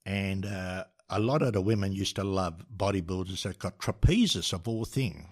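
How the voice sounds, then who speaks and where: A man's voice: low voice, normal speed. An older Australian man, a podcast guest, telling a story with energy, laughing and restarting often. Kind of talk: animated storytelling.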